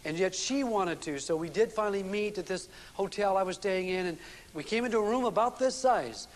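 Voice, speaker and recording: High-voiced man lecturing in a reverberant hall. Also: a little fast. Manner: folksy storytelling with frequent restarts and fillers. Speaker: seminar speaker. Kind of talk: relationship seminar lecture with anecdotes. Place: seminar room with a live audience. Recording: long reverb of a seminar hall.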